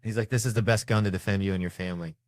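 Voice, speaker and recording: Man, fairly low voice, comic storyteller, profane rambling anecdotes, dry close sound. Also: fairly even intonation, very fast, no room sound. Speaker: comedian telling stories. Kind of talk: stand-up storytelling.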